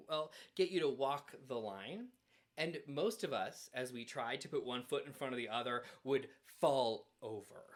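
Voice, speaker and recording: A male minister giving a sermon at a church, earnest and measured, with dramatic pauses. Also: a little high. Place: church sanctuary.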